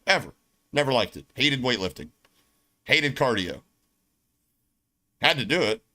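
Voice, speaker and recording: A man's voice: mid-range voice, very animated, measured pace, pushed and bright. A middle-aged man with a Southern US accent, ranting brashly and profanely on his livestream. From United States. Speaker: streamer. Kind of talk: casual livestream rant.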